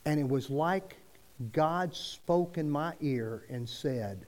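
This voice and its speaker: Man, preacher, conversational storytelling, higher voice, long hall reverb. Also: expressive, slow, darkish tone. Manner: conversational, quotes dialogue with restarts. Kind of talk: sermon storytelling.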